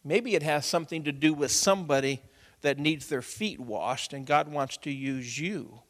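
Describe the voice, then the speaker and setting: A male pastor preaching in a church sanctuary, his voice sitting a little high for a man. He tells stories softly, then presses his point loudly and urgently. A long reverb trails behind every phrase. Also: normal speed. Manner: builds from quiet storytelling to loud urgent preaching. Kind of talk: sermon.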